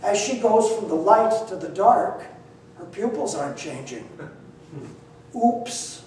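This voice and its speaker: An older man telling a story to an audience in an animated, blunt and wry way, acting out the dialogue. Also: sits high, takes it slowly, slight background noise. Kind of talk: lively spoken storytelling. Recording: very echoey, mic far off, faint ambience.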